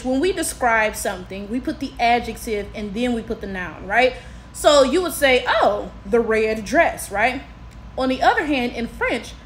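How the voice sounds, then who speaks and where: An American woman giving casual commentary to camera, animated and candid, often checking in with her listeners. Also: a little high, slight background noise. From United States. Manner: animated and candid, often tags lines with "right?". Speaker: vlogger.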